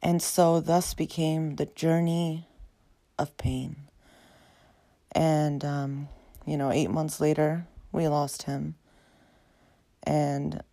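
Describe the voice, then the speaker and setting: A woman hosting her own podcast, reflective and heartfelt, her voice raspy after a long day. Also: low-pitched, warm tone, no echo. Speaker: podcast host. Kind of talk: personal podcast monologue.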